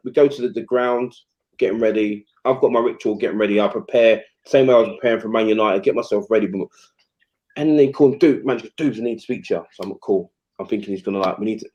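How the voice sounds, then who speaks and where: A man, a former footballer, telling stories in casual chat and acting out what people said, with lots of fillers. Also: mid-range voice. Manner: animated, acts out quotes, many fillers.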